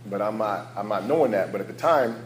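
A man's voice: fairly low pitch, animated, fast talker, reverberant, a little hiss or hum, poor audio. A man sharing his personal recovery story as a candid, storytelling speaker who laughs at his own past. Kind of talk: personal testimony talk.

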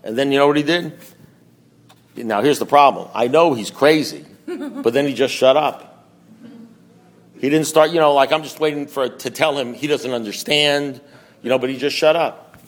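A man's voice: mid-range voice, normal speed, long pauses. A middle-aged man telling a self-mocking story at a support meeting, rambling with restarts and asides to the audience. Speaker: recovery meeting speaker.

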